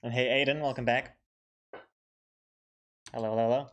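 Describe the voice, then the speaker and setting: A man streaming while he draws a comic, chatting casually with viewers in quick, rambling, self-deprecating bursts full of fillers. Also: medium pitch, steady tone, a bit bright. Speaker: comic artist streaming his drawing. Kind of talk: casual live-stream chat while drawing.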